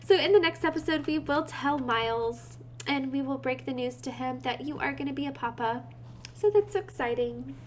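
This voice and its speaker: A woman's voice: high-pitched, normal speed, a little hiss or hum. A woman giving casual gameplay commentary, chatty and giggly, talking to her game characters and her viewers. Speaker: gaming video creator.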